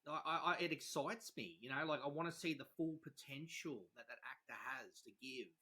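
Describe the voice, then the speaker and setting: A filmmaker joining a casual roundtable chat, enthusiastic and swearing as he talks. His voice is somewhat high for a man, forceful, and husky. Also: a little fast.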